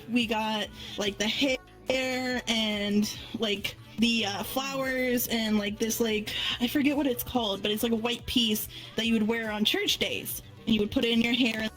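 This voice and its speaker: Woman, high-pitched, casual storytelling, swears a lot, faint music behind. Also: poor audio. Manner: swears freely, laughs through her stories. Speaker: guest answering questions. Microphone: headset in a social VR game.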